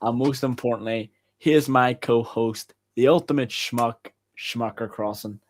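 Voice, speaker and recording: A man's voice: medium pitch, unhurried. A young man hosting a wrestling show, with a playful, teasing, mock-grandiose delivery. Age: young adult. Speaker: host. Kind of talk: casual wrestling show banter.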